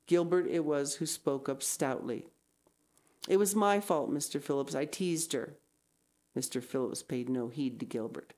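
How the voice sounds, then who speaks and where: A woman's voice: low voice, dark tone. A woman reading a classic novel aloud, now and then breaking off into casual asides. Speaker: reader.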